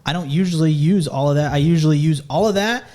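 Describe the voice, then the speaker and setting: A man's voice: on the high side, quick pace, a little mellow. A man as a guest, rambling and making excuses about his spending. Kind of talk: casual conversation.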